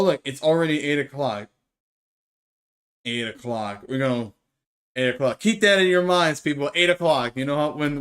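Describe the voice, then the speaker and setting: Animated streamer reading game dialogue aloud. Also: mid-range voice. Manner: reads every character's lines in one animated voice and breaks off for asides. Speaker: let's play streamer. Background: game music.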